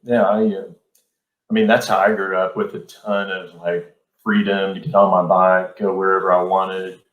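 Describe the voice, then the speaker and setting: A man's voice: low voice, level tone, moderate pace, narrow, tinny audio. A middle-aged man hosting a casual storytelling chat, laid-back and rambling with plenty of fillers. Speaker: podcast host. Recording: roomy echo.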